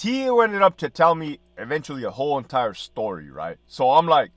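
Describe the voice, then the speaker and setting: A middle-aged man, a former prison officer, telling a profane, lively story in casual podcast talk. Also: fairly high pitch, normal speed, no echo. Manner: profane, animated storytelling with laughs and quoted dialogue.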